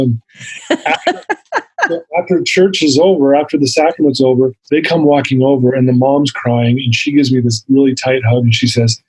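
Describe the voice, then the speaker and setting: A man's voice: medium pitch, expressive, normal speed, husky, low-quality recording. A middle-aged man telling his story in a podcast interview, earnest and candid, acting out the dialogue. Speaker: interview guest.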